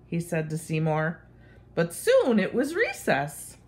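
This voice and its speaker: A woman reading a children's picture book aloud in an expressive, sing-song voice. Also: fairly low pitch, slow pace.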